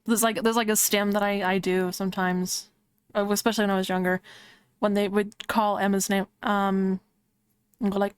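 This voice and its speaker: A woman's voice: mid-range voice, flat delivery, normal speed, clear, resonant tone, dry recording. A woman streamer chatting casually while she draws, rambling with lots of "like" fillers. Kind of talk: casual chat while drawing on a live stream.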